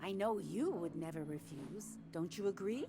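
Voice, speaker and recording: A woman's voice: on the low side, lively intonation, moderate pace, music in the background. A woman playing a chatty older small-town cafe owner in a video game, sweet and gossipy, calling everyone dear. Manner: gossipy, sweet, calls people dear and hun.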